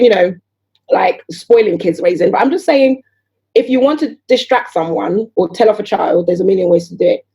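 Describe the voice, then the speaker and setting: A woman talking as a podcast guest in casual conversation. She is animated, fires off rhetorical questions and acts out other people's voices. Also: mid-range voice, lo-fi sound. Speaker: guest entrepreneur.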